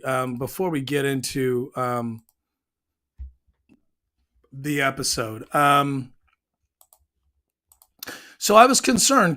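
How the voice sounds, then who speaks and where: A man's voice: fairly high pitch, fairly bright tone. A man hosting his own show, reviewing a TV episode in a rambling casual way with many ums and restarts. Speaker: show host.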